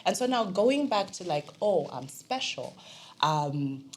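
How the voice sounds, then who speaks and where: A young Zambian woman, a podcast guest, telling personal stories with lively quoted voices in casual conversation. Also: lowish voice, measured pace, slight background noise. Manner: animated storytelling, quoting family in other voices.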